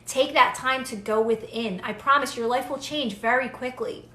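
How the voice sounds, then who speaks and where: Young woman, bright higher voice, earnest and reassuring live-stream coach, echoey room. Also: normal speed, slight background noise. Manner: earnest, reassuring, repeats phrases for emphasis. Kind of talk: casual live-stream advice, answering viewers.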